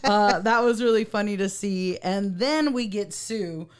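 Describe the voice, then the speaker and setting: A woman's voice: mid-range voice, unhurried, clean tone. A woman co-hosting a podcast, recapping a TV episode in casual chat, laughing often and acting out quotes. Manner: laughing, animated storytelling with quoted impressions. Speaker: podcast co-host.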